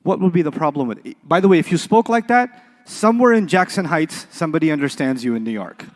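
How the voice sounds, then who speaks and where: A man's voice: fairly high pitch, expressive, quick pace, big-room sound. A man teaching an Arabic class, quizzing the students with call-and-response questions and playful examples. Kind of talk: classroom lecture.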